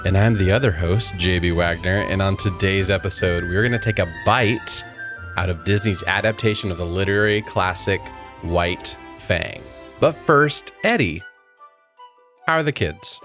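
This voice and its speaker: A man in his thirties co-hosting a podcast, calmly steering the chat with segues and show notes. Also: sits low, moderate pace, over music. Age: 30s. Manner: calm, steady, steers the show with plugs and segues. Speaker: podcast co-host. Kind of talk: casual chat.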